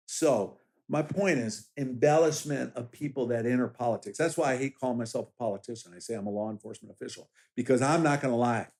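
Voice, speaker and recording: A middle-aged man speaks with blunt, emphatic conviction at an average pitch, leaning into his points. He tells stories and stresses his words to drive them home. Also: a little mellow. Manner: emphatic, direct, tells anecdotes with quoted voices. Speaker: political candidate, former law enforcement officer. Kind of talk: casual interview conversation.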